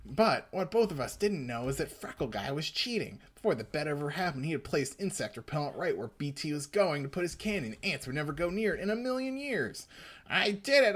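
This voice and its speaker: A podcast host casually recapping and reading a comic aloud, laughing and swearing freely. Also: mid-range voice. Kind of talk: casual chat and read-aloud.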